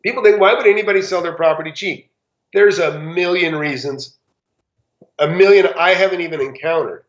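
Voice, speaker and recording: Animated high-voiced man telling stories. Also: brisk. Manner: animated, acts out quoted dialogue with big pitch jumps. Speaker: real estate investor guest. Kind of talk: casual anecdotal storytelling. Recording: echoey room, slightly dull sound.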